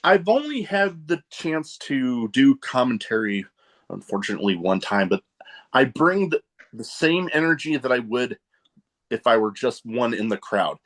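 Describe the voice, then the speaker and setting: Podcast host: animated, chuckling storyteller with a lot of swing in his voice. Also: medium pitch, moderate pace. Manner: animated storyteller, laughs at his own jokes. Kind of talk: casual podcast chat.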